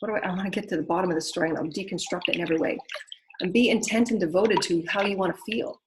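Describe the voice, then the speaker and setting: A woman hosting a spiritual show, urging listeners in an earnest way, repeating phrases and laughing softly. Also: on the low side, fairly even intonation, racing, noisy background. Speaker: spiritual teacher and show host. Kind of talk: spiritual guidance monologue.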